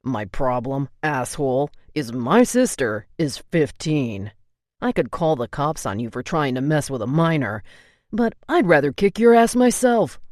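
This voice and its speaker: A woman's voice: rumbling low, lively intonation, measured pace, dry recording, clean studio sound. A woman voicing an overprotective, hot-tempered teenage older brother in an audiobook, blunt and threatening. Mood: menacing. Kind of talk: audiobook character voice.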